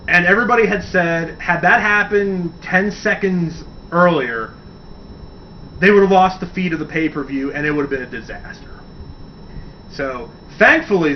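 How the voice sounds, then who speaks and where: A man hosting a radio segment, chatting enthusiastically and rambling, swearing casually as he tells a story. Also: fairly high pitch. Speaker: radio show host. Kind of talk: casual wrestling talk segment. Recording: distant dull mic with faint hiss.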